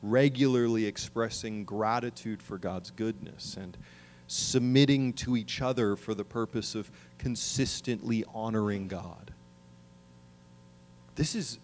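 Male pastor, middle-aged, earnest sermon delivery with emphatic peaks, mid-pitched voice. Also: measured pace, a little hiss or hum. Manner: earnest preaching, rising to emphatic calls.

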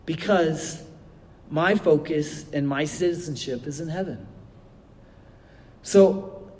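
A man's voice: a little high, slow, darkish tone, big-room sound. A middle-aged man, a pastor giving a sermon and telling a funny personal story with many fillers.

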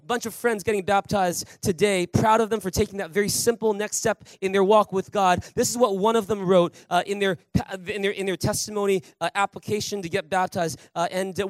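A male pastor with a fairly high voice delivers a lively sermon, acting out the people in his stories. The sound is close and dry, with little room echo. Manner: animated storytelling with acted quotes. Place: church sanctuary.

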